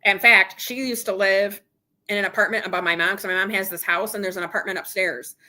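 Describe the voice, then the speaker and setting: Chatting live and casually with her viewers, a middle-aged woman who runs the channel openly retells a dispute, full of quoted back-and-forth. Her voice is bright and forward at a typical female pitch, with fairly even intonation and a brisk pace.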